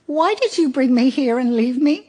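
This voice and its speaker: A woman's voice: sits high, lively intonation, moderate pace, dark tone, pitched above the performer's own voice. A woman voicing a small boy who pleads plaintively with his mother on the phone in an audiobook. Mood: pleading.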